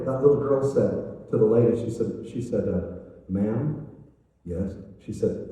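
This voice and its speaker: An older man, an evangelist preaching a sermon, telling a story in an animated way and acting out its voices. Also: mid-range voice. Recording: echoey hall, voice from a distance.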